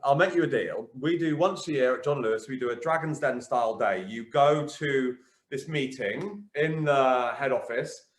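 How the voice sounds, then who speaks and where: Candid man telling his story, many ums. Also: fairly high pitch. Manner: candid and self-deprecating, many ums, lively retelling. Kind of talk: storytelling talk to a business audience. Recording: echoey room.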